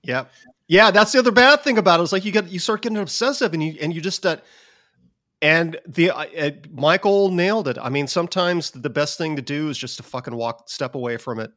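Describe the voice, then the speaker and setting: A man's voice: a little high, fairly quick, a bit bright. A man co-hosting a podcast in casual chat, emphatic and swearing freely. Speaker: podcast co-host.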